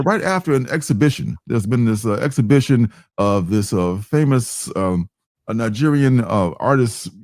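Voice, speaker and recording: A man's voice: mid-range voice, a little mellow, no echo. A man hosting a casual comic book livestream, talking in a loose, hesitant, meandering way.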